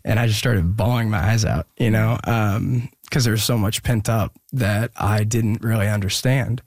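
A young man telling a personal story in an interview, halting and earnest with many pauses and restarts. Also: on the low side, steady tone, darkish tone, no echo, studio quality. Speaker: guest musician.

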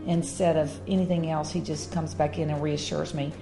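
A woman's voice: sits low, level tone, moderate pace, over music. A woman co-hosting a faith-based marriage talk, speaking earnestly with frequent fillers and restarts. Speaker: co-host of a Christian marriage talk. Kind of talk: casual faith-based chat.

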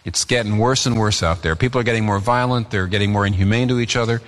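A man preaching a sermon as pastor, earnest and emphatic, his pitch rising and falling as he presses his points. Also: fast talker, long reverb tail.

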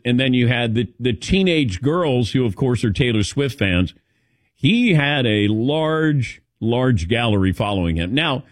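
Male show host with an animated, swooping delivery, recorded dry and close. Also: mid-range voice, no room sound. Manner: animated storytelling, calls on co-hosts by name. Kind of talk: casual sports talk chat.

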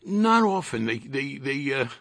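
Gravelly older man with a Jersey accent. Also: mid-range voice, big pitch swings, fairly bright tone, dry recording. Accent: New Jersey. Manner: halting, repeats words, dry wit. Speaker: retired congressman. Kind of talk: radio interview.

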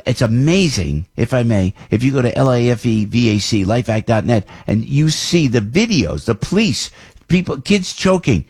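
A talk radio host from New Jersey, a man who talks with big swings between loud outbursts and low, muttered asides. His voice is a little husky and his pitch leaps around as he jumps between topics and live ad reads. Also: sing-song, moderate pace.

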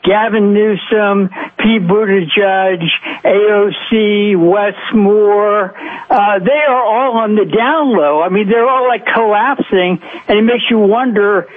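A man's voice: sits high, takes it slowly, slight background noise. A man calling in to a radio show, talking in a mocking, scornful way. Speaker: caller. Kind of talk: call-in radio commentary. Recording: tinny phone line.

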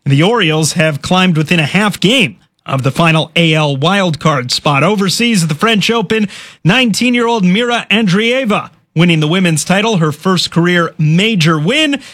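A male sports reporter giving a brisk, informal radio sports update. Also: sits high, animated, a bit bright. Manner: brisk, informal news delivery.

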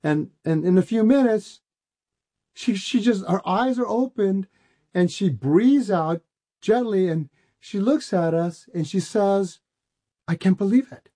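A man preaching a sermon, with a warm and mellow voice pitched a little high. He tells a testimony in a storytelling way and restarts his words as he gets going. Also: takes it slowly. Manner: storytelling, repeats words when excited.

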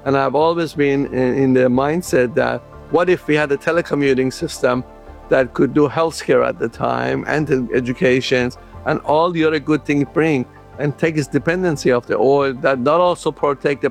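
Sex: man. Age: middle-aged. Origin: Middle East. Style: interview recollection. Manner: earnest, halting, gravelly. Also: medium pitch. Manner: earnest, halting with fillers, non-native phrasing. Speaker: inventor interviewed. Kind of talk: recalled interview answers.

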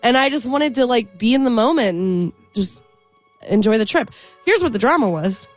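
A woman's voice: a little high, expressive, moderate pace, soft background music. A woman co-hosting a radio show, telling a story in casual banter and laughing often. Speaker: radio co-host.

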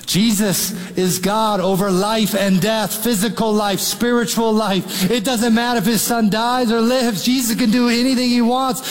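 A man preaching a sermon as pastor, dramatic, acting out the people in the story as he goes. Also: sits high. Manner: dramatic, acts out the father's pleading in quoted voice. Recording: long hall reverb.

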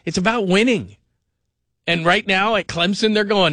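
A man hosting call-in sports radio, rambling and animated, sometimes mimicking people in funny voices. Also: sits high, normal speed, dry recording, studio quality.

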